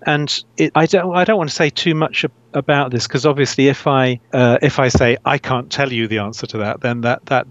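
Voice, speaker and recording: A man being interviewed about his writing, speaking thoughtfully with frequent restarts and soft laughs. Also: mid-range voice, no room sound. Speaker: author guest. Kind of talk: casual interview. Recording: dull dry lo-fi sound.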